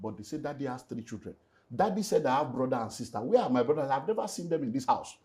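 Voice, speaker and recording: A middle-aged man with a Nigerian accent talks through a painful personal story in an interview. His voice sits at an ordinary pitch. He is earnest and animated and slides into Pidgin phrases. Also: fast talker. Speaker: pastor and relationship speaker.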